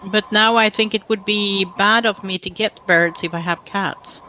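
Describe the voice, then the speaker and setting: A woman's voice: medium pitch, fairly even intonation, moderate pace, background noise. A woman from Sweden, chatting casually and teasingly on a livestream, giggling often. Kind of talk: casual chat.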